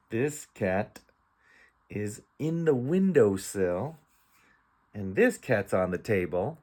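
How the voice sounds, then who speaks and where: A man teaching reading. He sounds out letters one at a time and then blends them into words. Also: fairly low pitch. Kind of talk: slow phonics read-aloud lesson.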